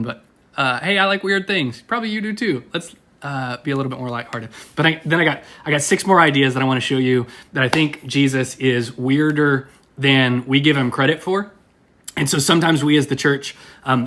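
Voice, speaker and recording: Bright-voiced playful young pastor. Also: male voice, mid-range voice. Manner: rambling, playful, self-deprecating with frequent fillers. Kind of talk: casual livestream sermon.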